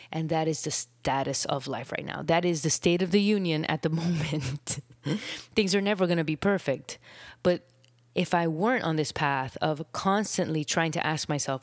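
Low-voiced woman podcast host, out of breath. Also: moderate pace, no room sound. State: out of breath after illness. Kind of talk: casual solo podcast talk.

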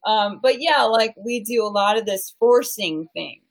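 A woman in her thirties, a relationship coach talking candidly as an interview guest, animated and jokey, running off on tangents and filling with "you know" and "like". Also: mid-range voice, measured pace, poor audio. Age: 30s.

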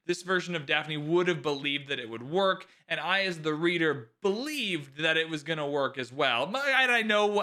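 A man hosting a solo podcast in a loose, chatty way, full of likes and the odd swear word. His voice is bright and forward, sitting a little high for a man, and his pitch swings widely as he talks. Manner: animated, swears freely, lots of likes. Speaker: podcast host. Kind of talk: casual solo podcast talk.

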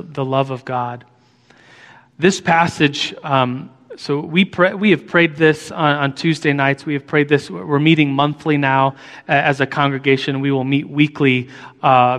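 A man's voice: medium pitch, fairly bright tone. Earnest man preaching in a reverberant hall. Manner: earnest, halting, restarts often. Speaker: pastor. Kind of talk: sermon.

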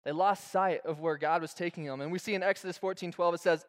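A man's voice: a little high, fairly even intonation, fast. A young man preaching a sermon as pastor, casual and slangy, acting out stories as he goes.

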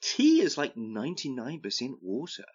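Man, rambling comedic monologue, lively animated pitch, dull lo-fi sound. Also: moderate pace, slightly rough. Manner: rambling, tags sentences with "right?". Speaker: comedic advice-giver. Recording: dull lo-fi recording.

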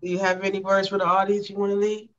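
A relaxed interview host who speaks frankly and casually, with casual swearing. The recording sounds dull and lo-fi. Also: mid-range voice, quick pace.

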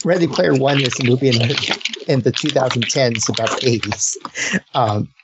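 A man's voice: medium pitch, normal speed. A young adult man hosting a casual podcast, rambling with many fillers and laughing often. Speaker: podcast host. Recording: dull lo-fi sound with faint hiss.

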